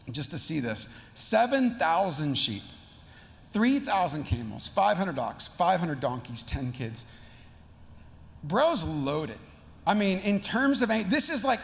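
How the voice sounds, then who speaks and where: A male pastor with a high, gravelly voice, preaching in a relaxed and slangy manner. His words ring out with a long church reverb. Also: measured pace. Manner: casual, slangy, conversational. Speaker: teaching pastor. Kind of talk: sermon. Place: church sanctuary.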